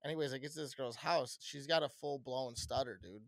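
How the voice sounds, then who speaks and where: A man's voice: medium pitch, fairly quick, no room sound, clean studio sound. Casual profane American podcast guy. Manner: loose, profane storytelling. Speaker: podcast co-host. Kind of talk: casual chat.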